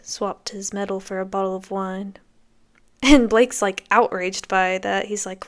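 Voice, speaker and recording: A woman's voice: medium pitch, flat delivery, a little slow. A woman hosting a podcast, giving enthusiastic, conversational commentary as she reacts to a film. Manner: enthusiastic, conversational, reacting to scenes as they play. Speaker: podcast host.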